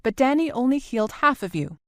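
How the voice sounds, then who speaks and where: A woman's voice: sits high, expressive, quick pace, no room sound, clean studio sound, pitched above the performer's own voice. A woman voicing a small, older motherly woman who is firm and commanding, in an audiobook. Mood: stern.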